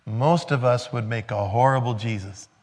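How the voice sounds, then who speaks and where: A man preaching a sermon in a relaxed, conversational way. His voice sits at an ordinary middle pitch. He slows down to stress points and breaks off into joking asides and laughter. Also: big-room sound. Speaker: pastor.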